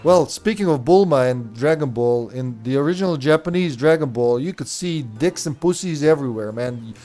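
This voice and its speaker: A man's voice: mid-range voice, animated, moderate pace, warm tone, soft background music. A man from Serbia, streaming a retro game in casual, rambling, profane commentary, laughing often.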